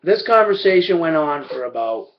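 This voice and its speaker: A young man doing a first stand-up set, telling a story in a loud, profane rant. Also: a little high, very animated, moderate pace, slight background noise. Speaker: stand-up comedian. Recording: dull lo-fi amateur recording.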